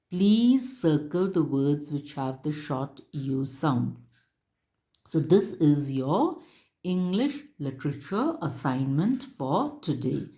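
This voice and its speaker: A woman's voice: low-pitched, expressive, takes it slowly, dark tone. A woman teacher giving a recorded lesson to children, speaking patiently, spelling words out letter by letter and repeating her instructions.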